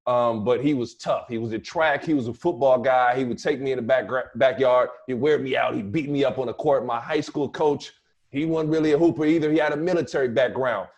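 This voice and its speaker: A man co-hosting a podcast, asking a guest questions in a relaxed, joking way. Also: mid-range voice, a little fast. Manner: relaxed interviewer, joking asides. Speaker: podcast co-host, former player. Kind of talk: casual podcast chat.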